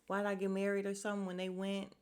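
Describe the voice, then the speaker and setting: A woman's voice: mid-range voice, fast, smooth. A woman casually recapping a TV episode for her podcast, acting out the characters' lines and laughing as she goes. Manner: animated storyteller, acts out characters' lines, laughs often.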